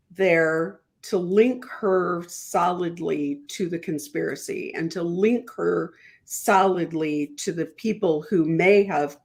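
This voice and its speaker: Lady lawyer talking slow on a podcast, careful, explains with analogies. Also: fairly low pitch. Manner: measured, explains with analogies, some stammered restarts. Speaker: attorney guest. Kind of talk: legal commentary on a podcast.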